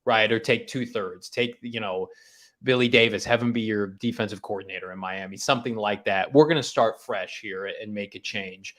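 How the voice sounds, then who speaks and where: A man's voice: lowish voice, moderate pace, fairly bright tone. A man co-hosting a sports talk show, casually breaking down betting odds and coaching moves. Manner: analytical, talks through betting odds with restarts.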